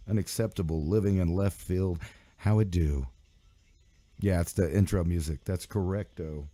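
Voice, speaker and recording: A man's voice: sits low, fairly even intonation, normal speed, mellow, dry recording. A man hosting a live radio show in loose, rambling, profane banter, his voice sick. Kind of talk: casual live stream and radio chat.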